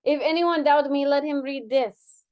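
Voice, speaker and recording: A woman's voice: high-pitched, unhurried, highs cut off, pitched above the performer's own voice. A woman reading aloud, voicing a boastful, theatrical woman dancer in a put-on mock Spanish accent and broken English. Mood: haughty. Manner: grand, haughty, broken English.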